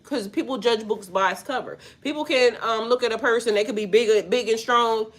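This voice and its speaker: A spiritual life coach with a fairly high voice talks quickly and casually to her viewers, rambling in slangy language and swearing freely. Her nose sounds stuffy.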